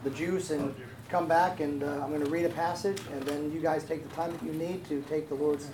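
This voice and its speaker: A woman's voice: low-pitched, steady tone, a little fast, background noise. Woman preaching in an echoey hall. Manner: conversational, asks the congregation questions, laughs easily. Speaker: pastor. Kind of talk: sermon. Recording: roomy echo, faint ambience.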